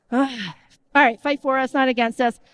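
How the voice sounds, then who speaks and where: A woman giving an energetic conference talk in a conversational tone, often checking in with the audience. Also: high-pitched, measured pace, smooth, no room sound. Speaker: conference speaker. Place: conference stage.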